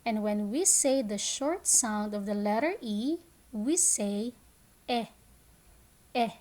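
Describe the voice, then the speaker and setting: A woman teaching an online kindergarten phonics lesson, speaking slowly and clearly and drawing out each sound. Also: mid-range voice, lively intonation, a little mellow. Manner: slow, clear teacher talk with drawn-out sounds.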